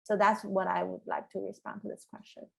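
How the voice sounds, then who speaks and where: A woman's voice: medium pitch, flat delivery, creaky, slightly rough. Earnest woman faculty panelist with restarts. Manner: earnest, measured, with many restarts. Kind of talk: panel discussion answer.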